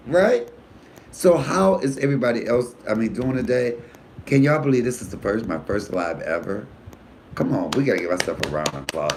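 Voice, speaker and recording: A man who is a comedian hosting his own live stream, chatting casually and frankly, with animated storytelling and cussing. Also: moderate pace, a little hiss or hum. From United States. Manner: animated storytelling, voice jumping high for quoted friends; profanity-laced, frank. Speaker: comedian and YouTube host.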